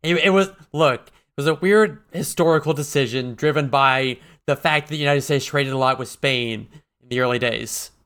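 A man with a mid-range, slightly bright voice co-hosts a podcast at a moderate pace, chatting casually and wryly, rambling with plenty of fillers and restarts.

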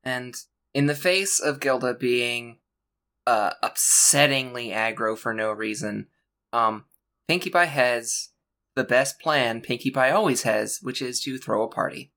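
Podcast co-host, bright and sharp tone; sarcastic, profane, joke-driven casual delivery. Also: medium pitch, measured pace. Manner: sarcastic, swears, jokey asides. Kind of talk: casual chat.

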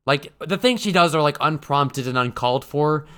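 This man co-hosts a podcast, chatting in a wry, rambling way and often stopping to restart or drop in fillers. His medium-pitched voice is smooth, animated, and fairly bright, moving at a normal speed.

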